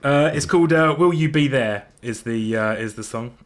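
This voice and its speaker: A man co-hosting a podcast, telling anecdotes in a relaxed, sweary, casual way over a video call. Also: mid-range voice, normal speed. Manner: laid-back, swears, tells anecdotes. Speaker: podcast co-host. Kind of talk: casual chat.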